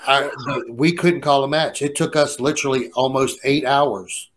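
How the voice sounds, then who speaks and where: A man's voice: mid-range voice, normal speed, a little hiss or hum. A man casually telling a story in a rowdy, profane way. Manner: profane, animated, laughing storyteller. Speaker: guest storyteller.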